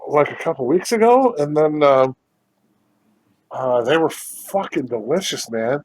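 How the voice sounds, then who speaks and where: A man's voice: a little high, expressive, unhurried, long pauses. Laid-back profane man on a call. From United States. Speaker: podcast co-host. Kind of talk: casual chat. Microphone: video call.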